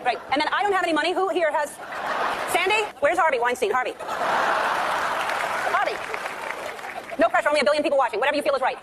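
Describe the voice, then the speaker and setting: A woman talks fast and playfully with a slightly raised pitch while she works a crowd as host. Loud music and a crowd noise sit close behind her voice.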